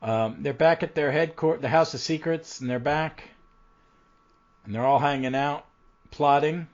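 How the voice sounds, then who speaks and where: A man's voice: a little high, moderate pace. A man hosting a casual comic book podcast, recapping issues with lots of ums and restarts. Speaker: podcast host. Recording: dull lo-fi audio.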